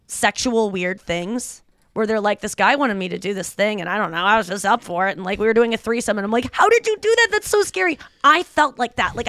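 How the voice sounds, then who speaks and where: A woman in her thirties with a fairly high-pitched voice hosts a podcast, recorded without echo. Her storytelling during casual chat is animated, and she acts out the voices of the people involved.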